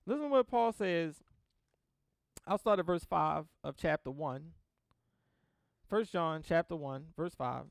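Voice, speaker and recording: A man preaching a sermon, reading scripture and building to slow, emphatic swells. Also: sits high, very animated, vocal fry, smooth, no echo. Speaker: pastor.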